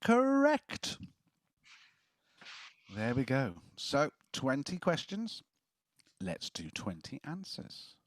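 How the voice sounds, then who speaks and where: A man's voice: medium pitch, sing-song, slow, no echo, studio quality. A man hosting a casual quiz, reading questions and joking between answers. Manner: jokey, chuckling as he reads questions. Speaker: quiz host.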